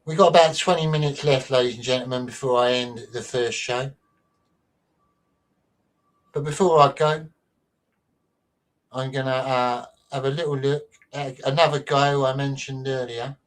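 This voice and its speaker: A man hosts a show in an easy, mid-pitched voice, his Mancunian accent worn down by years in London. He rambles, repeats phrases and drops chatty asides to his audience. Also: fairly even intonation, normal speed, pauses often. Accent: mild Mancunian, softened by London. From near Manchester, England. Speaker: show host. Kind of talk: casual chat.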